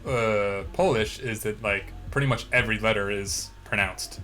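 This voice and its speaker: Bright-voiced American man rambling. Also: fairly low pitch, normal speed, faint music behind. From United States. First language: English. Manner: rambling, lots of likes and you-knows. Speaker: podcast co-host. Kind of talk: casual chat.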